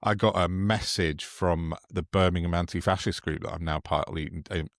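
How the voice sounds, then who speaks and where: A man who co-hosts a podcast swaps sweary, mocking stories in casual political chat. He speaks at a moderate pace in a deep voice with a steady tone, and the sound is clean, dry studio audio.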